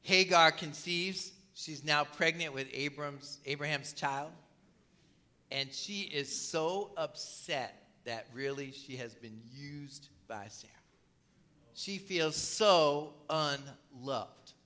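A man delivers a morning sermon, reading passages aloud and unpacking them for the congregation. His voice sits high and cuts through brightly. A tickle in his throat keeps him coughing and clearing it as he goes. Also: slow. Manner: reads scripture aloud then explains it. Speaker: pastor.

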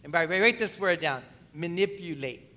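A man's voice: fairly high pitch, lively intonation, brisk, bright, forceful tone. A man preaching a sermon in a conversational way, often asking the congregation questions. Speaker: pastor.

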